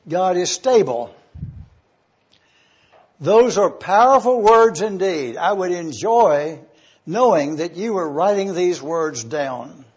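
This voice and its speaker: A male pastor preaches in a measured, deliberate cadence, walking through his points one by one. His voice sits high and a little breathy. The recording is muffled and lo-fi. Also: expressive. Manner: slow, deliberate teaching cadence with listed points. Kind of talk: sermon.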